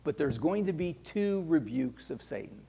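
A man's voice: on the high side, very animated, normal speed, mellow, breathy edge. A middle-aged man teaching scripture in a conversational sermon style, often repeating words as he searches for the phrase. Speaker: Bible teacher.

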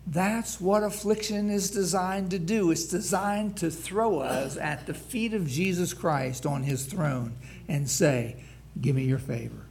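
Man pastor, slightly high voice, preaching slowly, building emphasis, clears his throat often. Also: a little mellow, slight background noise. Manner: preaching with rising emphasis on scripture, many restarts and throat clearing. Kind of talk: sermon.

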